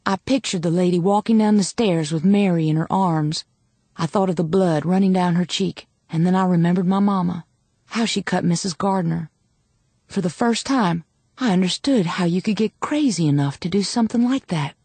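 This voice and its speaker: A woman narrating a dramatic audiobook in a measured first-person reading. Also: lowish voice, mellow, husky, dry recording.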